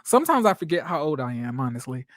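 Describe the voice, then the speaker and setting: A woman's voice: sits low, very animated, fast talker, no room sound, clean studio sound. A woman in her twenties hosting a casual livestream, chatty and sassy, greeting viewers by name. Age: 20s. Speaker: livestream host.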